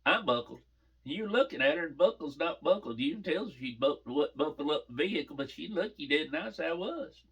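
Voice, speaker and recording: A man's voice: a little high, fairly quick, husky. A middle-aged man telling a family story in a folksy way, often laughing as he talks. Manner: folksy, laughs through the telling, animated quoting.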